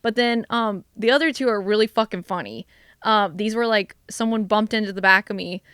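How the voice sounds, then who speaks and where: A young woman co-hosting a casual podcast, telling animated, swear-filled stories full of "like"s. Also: mid-range voice, fairly quick, clean tone, no room sound, studio quality. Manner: animated, profane storytelling with many "like"s. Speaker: vlogcast co-host. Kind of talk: casual chat.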